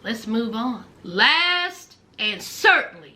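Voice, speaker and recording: Here a female reality TV recapper addresses her audience in a very high, bright voice. Her pace is slow, and her swooping, lively commentary is casual and packed with sarcastic, sassy remarks.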